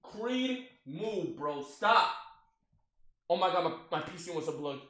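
A young man streaming a casual reaction to a video, excitable and quick to swear and burst out laughing. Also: a little high, reverberant.

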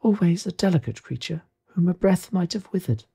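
Guy putting on a gentle old ghost voice, higher than his own, soft and slow, kinda husky, storybook reading. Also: expressive, heavily acted. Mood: wistful. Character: gentle solemn ghost of Christmas past.

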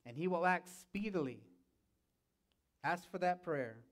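High-voiced man preaching a sermon. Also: expressive, measured pace. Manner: preaching with repeated calls of "Amen?" to the congregation. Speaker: pastor. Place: church sanctuary.

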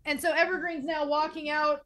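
A woman's voice: high voice, flat delivery, a little fast, fairly bright tone. A woman co-hosting a film review podcast, chatting casually as she recaps scenes, with plenty of fillers. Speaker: podcast co-host.

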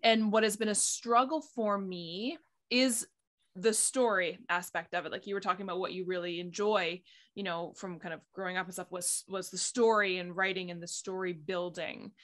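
Woman host, actor herself, chatty and expressive, big performative energy. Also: on the low side, moderate pace. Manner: lively, expressive, self-described performative. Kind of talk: casual interview chat.

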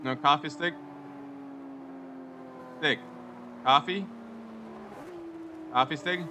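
A young man giving casual, excitable commentary over a racing game, joking and giggling as he drives. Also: fairly high pitch, measured pace, pauses often, a little hiss or hum. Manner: excitable, giggly, jokey running chatter. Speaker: gaming YouTuber.

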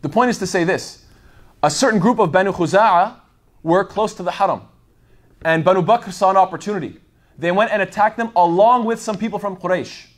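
Male lecturer, casual storytelling lesson, high voice, quick and digressive. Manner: digressive, thinks aloud with many fillers. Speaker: Islamic lecturer. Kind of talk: casual explanatory talk.

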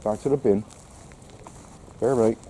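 A man's voice: lowish voice, fairly even intonation, unhurried, warm tone, slight background noise. A man giving casual vlog commentary outdoors while walking his dog, full of wry, sarcastic asides. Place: outdoors on a seaside quay.

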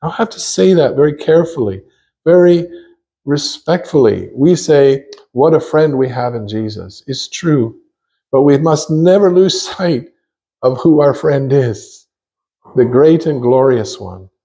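Man, preacher, mellow voice, earnest emphatic sermon, chapel. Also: medium pitch. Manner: earnest, emphatic preaching with slow stressed phrases. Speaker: visiting conference preacher. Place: church chapel.

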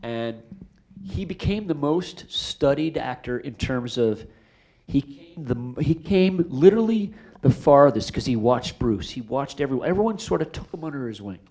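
A man's voice: medium pitch, moderate pace. A middle-aged man, a film director, telling stories at a live Q&A after a screening, acting out voices in his anecdotes. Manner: animated, acts out voices in anecdotes. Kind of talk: storytelling at a live Q&A. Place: theater stage after a screening.

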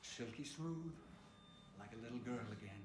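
An actor playing a deranged male killer who talks to his victim like a tender groom, in a soft, coaxing, creepy manner. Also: mid-range voice, expressive, moderate pace, slight background noise, lightly acted.

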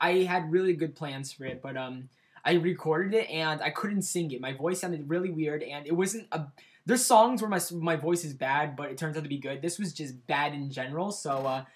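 Rambling young man vlogging at his computer. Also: on the high side. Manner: hesitant, full of ums and restarts; self-deprecating. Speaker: YouTube vlogger. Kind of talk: casual rambling vlog chat. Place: indoors at home. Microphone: computer webcam mic.

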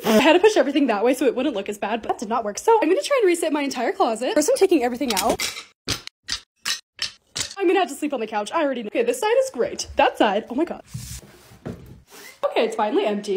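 Young woman, high bright voice, fast bubbly vlog talk, faint noise behind. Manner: excitable, gushing, quick asides. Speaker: vlogger. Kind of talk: casual vlog narration.

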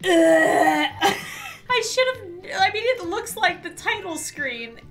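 A young woman narrates her own game session with a bright, sharp voice. Her reactions are squeamish and theatrical, and she laughs often. Her pitch leaps around constantly. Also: very animated, very slow, soft background music. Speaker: game commentator. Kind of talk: let's-play commentary.

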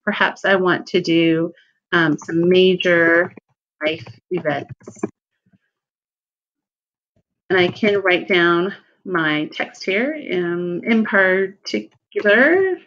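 A woman talks through a software tutorial in a relaxed, unhurried way, pausing on fillers and fixing her own slips as she goes. Her voice sits a little low for a woman. The recording is dull and lo-fi, like a basic screen-capture mic. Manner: relaxed, thinking aloud with ums and self-corrections. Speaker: teacher giving a software tutorial.

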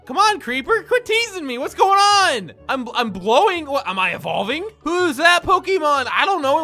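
High, bright excitable young man gaming. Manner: excitable and jokey, yelling at other players. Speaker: gaming video creator. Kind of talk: gameplay commentary. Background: game music.

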